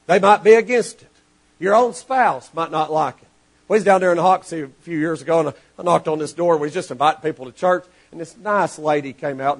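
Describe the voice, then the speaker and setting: A pastor preaches a sermon to his congregation in a high-sitting voice. He is animated, rising to shouts and acting out the people in his stories.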